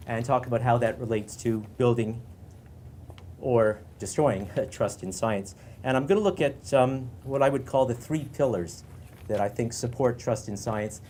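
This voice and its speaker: A man, a science journalist, giving a relaxed, conversational talk at a conference centre with an anecdote. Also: medium pitch, slight background noise. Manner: relaxed, conversational, with fillers and light laughter.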